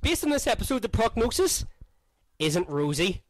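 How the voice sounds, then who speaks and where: A man's voice: high-pitched, very animated, normal speed. A young Northern Irish man co-hosting a podcast in casual, teasing banter, laughing often. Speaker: podcast co-host.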